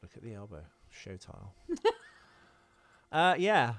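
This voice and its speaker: A man's voice: medium pitch, very animated, measured pace, music in the background. A man co-hosting a podcast in casual chat, talking about films and acting out quoted lines. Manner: chatty film buff, acts out quoted lines. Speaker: podcast co-host.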